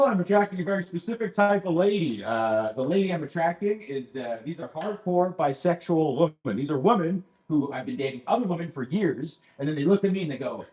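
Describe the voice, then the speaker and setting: A young-sounding Canadian man works a club crowd with self-deprecating, rambling stand-up. His voice sits a touch high. The room rings around him. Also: darkish tone, echoey room. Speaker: stand-up comedian. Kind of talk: stand-up comedy set. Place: comedy club stage.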